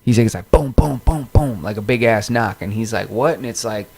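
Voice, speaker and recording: A man's voice: lowish voice, fairly quick, gravelly, darkish tone, breathy edge. A man co-hosting a podcast, telling a rambling story in casual chat, full of slang and swearing. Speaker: podcast co-host.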